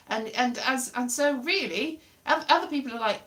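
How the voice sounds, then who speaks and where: A young woman talks straight to camera in a very small room, drifting from story to story in a rambling, self-mocking way. Her voice is bright and fairly high, and it swoops up and down a lot. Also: expressive, fairly quick, few pauses. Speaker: comedian vlogger. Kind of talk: rambling comic monologue.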